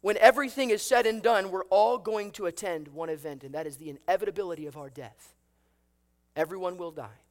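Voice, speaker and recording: Guy preaching, pretty high voice, acts out the story bits. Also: fairly quick. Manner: animated storytelling with acted voices and rhetorical questions. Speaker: pastor. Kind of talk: sermon.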